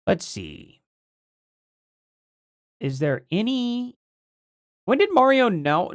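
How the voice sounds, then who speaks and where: Rambly streamer, voice going a bit hoarse, pitch all over the place, dry close mic. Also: dry recording. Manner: rambling, thinks aloud while reading. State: voice starting to go. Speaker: livestream host. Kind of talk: casual livestream commentary.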